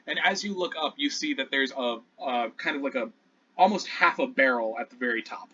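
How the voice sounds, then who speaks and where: A man's voice: mid-range voice, animated, fairly quick, pushed and bright, breathy edge. A man narrating scenes as game master of an online tabletop game, describing things at length with fillers and restarts. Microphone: online voice call. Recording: distant, dull lo-fi call audio.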